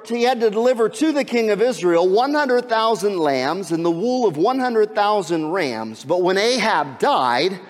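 A man preaching a sermon as a pastor, telling a Bible story in a lively way and asking the congregation questions. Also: very high-pitched, in a large hall. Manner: animated storyteller, asks the crowd questions.

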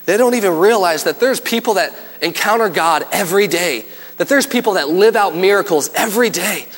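Brief: man, preacher, animated storyteller, higher voice, church reverb. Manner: animated storytelling, acts out scenes. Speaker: pastor. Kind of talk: sermon.

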